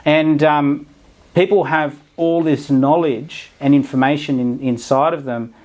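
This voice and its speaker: A man's voice: a little high, fairly even intonation, a little slow, a little mellow. An Australian man hosting a podcast in casual chat, blunt and profane, who keeps checking in with "right?". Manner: blunt, swears freely, keeps asking "right?". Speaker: podcast host and property business owner.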